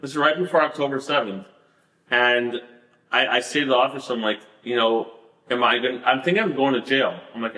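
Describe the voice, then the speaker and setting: A man recounts his story as a podcast guest, rambling and stacking fillers as he goes. His voice is bright and forceful, and it rings a little in a roomy space. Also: mid-range voice, fast talker. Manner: rambling, many "like" fillers, laughs at the absurdity. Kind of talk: storytelling in a casual interview.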